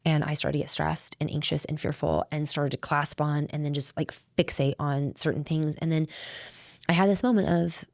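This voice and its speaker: A woman's voice: sits low, fairly even intonation, moderate pace, vocal fry, darkish tone, no echo, studio quality. A middle-aged woman co-hosting a faith podcast, talking in an earnest, heartfelt way that rambles and restarts. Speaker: podcast co-host. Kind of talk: faith-based conversational podcast.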